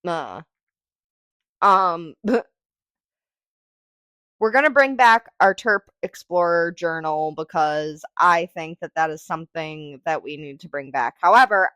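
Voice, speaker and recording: A woman with a deep, slightly bright voice hosts a casual solo podcast at a moderate pace, reviewing a cannabis product. She rambles and thinks aloud with lots of fillers, swearing and sing-song noises, recorded in studio quality with no echo.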